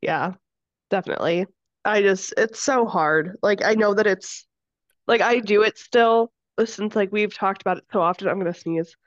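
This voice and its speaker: A young woman in casual podcast chat, speaking at a middling pitch and tossing in "like" often. Her sound is slightly muffled and lo-fi, and dry with no room echo. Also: moderate pace. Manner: chatty, frequent "like" fillers. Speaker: podcast co-host.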